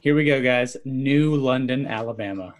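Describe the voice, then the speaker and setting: A man's voice: medium pitch, moderate pace, rough recording. A man in casual chat, wry, leading the conversation along.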